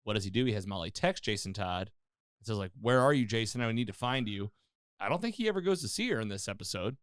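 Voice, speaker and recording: A man's voice: lowish voice, animated, fast talker, clear, resonant tone, dry recording, studio quality. A man hosting a casual podcast, recapping a TV episode and acting out the characters' lines. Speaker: podcast host. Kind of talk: casual chat.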